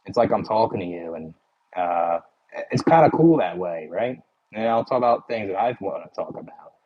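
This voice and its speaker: A man's voice: deep voice, expressive, normal speed, husky, dull audio. A man with a Philadelphia accent chatting casually with his livestream viewers, rambling and full of "like" and "you know".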